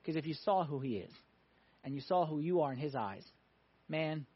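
High-voiced emphatic male preacher. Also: animated, moderate pace, husky. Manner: emphatic, swings between loud and hushed. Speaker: pastor. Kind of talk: sermon. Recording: dull lo-fi sound.

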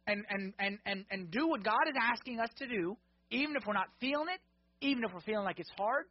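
A man preaches a sermon in a high, very lively voice that swings between loud emphasis and quiet asides. His tone is husky and a little breathy. The recording is dry and slightly muffled. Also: a little fast, dry recording.

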